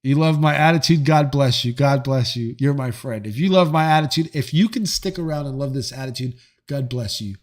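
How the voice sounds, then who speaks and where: A man's voice: mid-range voice, a little fast. Joking, profane streamer guy. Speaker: livestream host reading chat. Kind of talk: casual live-stream chat.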